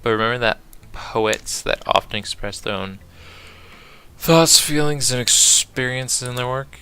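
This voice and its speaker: A man reading the lines of a shy, bookish teenage girl from a game, soft and polite. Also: medium pitch, unhurried, clear, resonant tone, voice pushed up. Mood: thoughtful. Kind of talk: reading game dialogue aloud.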